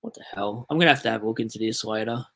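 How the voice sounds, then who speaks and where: His voice is lowish, a bit bright, and very fast as this young Australian man rambles through a casual stream, reading chat aloud.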